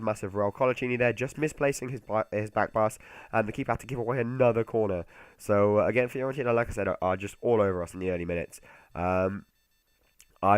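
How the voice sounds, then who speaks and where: Fast-talking young man commenting on gameplay. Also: fairly low pitch, no room sound. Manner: rambling, many fillers and restarts. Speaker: gaming YouTuber. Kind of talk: casual game commentary.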